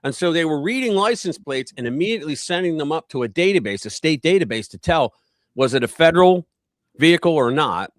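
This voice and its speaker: Man hosting a live stream, lively swooping voice, rambling and animated, dry close sound. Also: fairly high pitch, fairly quick, dry recording. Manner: animated, rambling, acts out quotes in raised voice. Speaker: host of a political live stream. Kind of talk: casual political chat.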